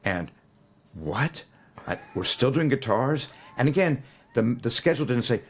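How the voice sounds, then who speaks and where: A man in his sixties with a very deep voice tells stories as an interview guest. His pitch swings widely, and he acts out the lines of the people he quotes. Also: animated, moderate pace. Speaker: musician guest. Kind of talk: storytelling interview.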